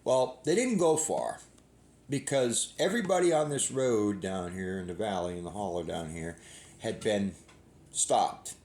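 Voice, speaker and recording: A man's voice: on the low side, expressive, unhurried, a little mellow. A middle-aged man hosting a hunting channel, telling a long story in a folksy, rambling way and often restarting his sentences. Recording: roomy echo.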